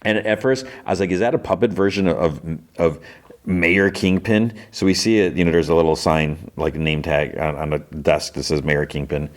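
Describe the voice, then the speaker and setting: A man hosting a podcast, casually recapping TV episodes in quick quoted bits, with fillers and restarts. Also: sits low. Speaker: podcast host.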